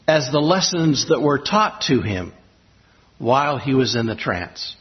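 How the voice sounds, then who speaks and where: Male preacher, mid-pitched, halting and reflective, muffled lo-fi recording. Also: sing-song. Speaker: pastor. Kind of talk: sermon with personal storytelling. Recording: slightly dull lo-fi recording.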